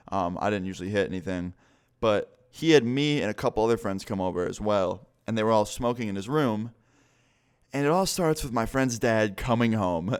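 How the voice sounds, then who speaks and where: A young man with a fairly low voice telling a casual story time. He is laid-back and chatty, with lots of "um"s and cursing. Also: smooth. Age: young adult. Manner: laid-back, profane, filler-heavy. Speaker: vlogger.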